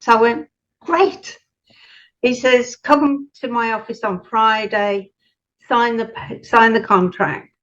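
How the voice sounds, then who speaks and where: A woman's voice: on the high side, fairly even intonation, unhurried, a bit bright. A middle-aged woman from the United Kingdom answering an interviewer, telling her story animatedly and acting out the voices of the people in it. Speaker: guest. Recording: muffled, lo-fi audio.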